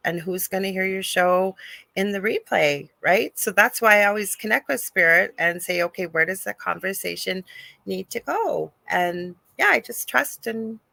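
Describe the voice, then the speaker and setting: A woman's voice: mid-range voice, moderate pace, vocal fry, pushed and bright, no room sound. A middle-aged woman from Canada, a psychic medium guest, chatting in a talkative, storytelling way on a remote call. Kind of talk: casual podcast chat.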